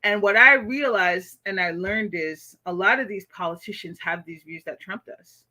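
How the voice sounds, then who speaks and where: Blunt, bright-voiced American woman streamer. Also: mid-range voice, normal speed. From United States. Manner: blunt, profane, animated, repeats "okay?". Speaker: livestream host reading chat. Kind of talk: casual livestream commentary.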